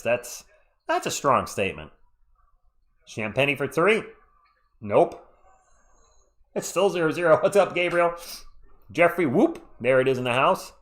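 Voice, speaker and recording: This host's medium-pitched voice is a bit bright as he gives fan play-by-play of a basketball game on a live stream. Chatty and a little congested, he reads live chat in between calling plays.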